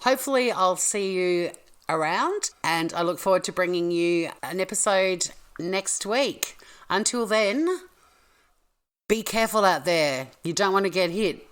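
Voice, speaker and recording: Aussie woman podcast host, low voice, jokey and chatty, going off on little tangents. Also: a little slow, clear, resonant tone. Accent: Australian. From Australia. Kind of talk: casual podcast storytelling.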